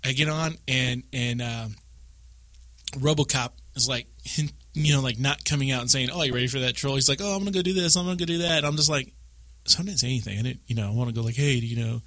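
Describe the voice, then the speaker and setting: A man co-hosting a casual podcast chat about a video game, rambling through animated stories full of acted-out quotes. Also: medium pitch, fast, no echo. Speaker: podcast co-host.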